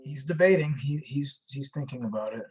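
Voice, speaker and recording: A man's voice: medium pitch, lively intonation, normal speed, loud music behind the voice, poor audio. A man hosting a casual live stream, reading messages aloud, chuckling and answering viewers as he goes. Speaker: livestream host baiting scammers.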